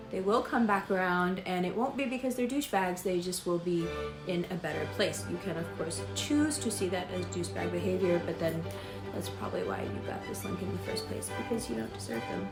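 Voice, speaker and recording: A woman's voice: on the low side, moderate pace, over music. Chatty woman reading horoscopes, echoey room. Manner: chatty, animated, acts out imagined dialogue. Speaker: astrologer.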